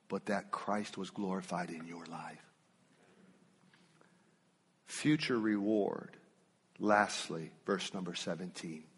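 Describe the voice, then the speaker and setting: A man delivers a sermon in an unhurried, storytelling way, leaning on pauses and repeated phrases for emphasis. His voice sits a little low and has a husky edge. The sound carries a long reverb, as if the sermon is heard in a large hall. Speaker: preacher.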